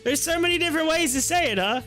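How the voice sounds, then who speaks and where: A man's voice: extremely high pitch, lively intonation, fast, sharp tone, soft background music. A man with an Ohio accent hosting a stock market live stream, talking in a rambling casual way and laughing often. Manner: rambling, chatty, laughs often, drags out words.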